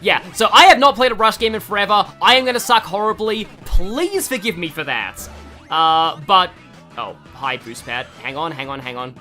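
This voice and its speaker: Aussie streamer rambling through a let's play, bright voice, game music faint behind. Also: mid-range voice, lively intonation, normal speed. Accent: Australian. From Australia. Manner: rambling, with many fillers and restarts. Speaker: gaming streamer. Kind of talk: casual let's-play commentary.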